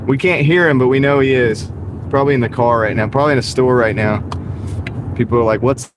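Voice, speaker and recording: A man's voice: medium pitch, moderate pace, pauses often. A man hosting a casual live stream while driving, upbeat and thanking viewers by name, his voice tired and wearing out. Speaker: livestream host. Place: in a moving car. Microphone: wireless mini clip-on mic. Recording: car ride with clear road noise. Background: road and car noise.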